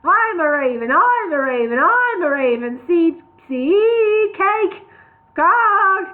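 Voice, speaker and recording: A woman's voice: a little high, normal speed, natural voice. A woman voicing a cocky male bird who talks street slang and insists he is a raven. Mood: squawking. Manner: street slang, squawking, excitable. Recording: tinny phone-like sound.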